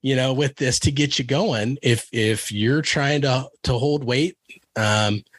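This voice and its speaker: A man's voice: medium pitch, slow, a bit bright, dry recording. A man from Kansas, a wrestling coach, talking earnestly in a casual interview, with many fillers and restarts. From Kansas, USA. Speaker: wrestling coach and podcast guest.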